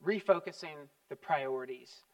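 A pastor preaching a sermon, telling stories with animated, emphatic repetition. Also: male voice, fairly high pitch, normal speed, distant mic.

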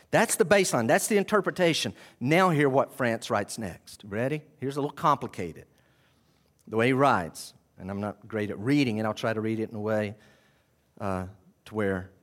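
A man preaching a sermon to his congregation, animated and full of questions to the room. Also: medium pitch. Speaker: pastor. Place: church sanctuary with congregation.

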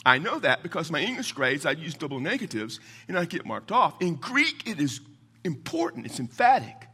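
A man's voice: a little high, very animated, normal speed, sharp tone, breathy edge. A man preaching a sermon in a folksy, conversational way, mixing scripture with casual asides. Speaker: pastor.

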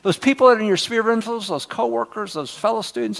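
Earnest male preacher, dropping to hushed tones. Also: high voice, fast talker, creaky. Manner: earnest, swings from loud emphasis to near-whispers. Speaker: pastor. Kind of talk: sermon.

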